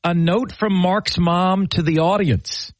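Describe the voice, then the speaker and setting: A man with a high voice hosts a call-in sports radio show, all energy and enthusiasm. He is recorded close on a dry, dead studio mic. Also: no echo. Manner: energetic, enthusiastic, quick to laugh.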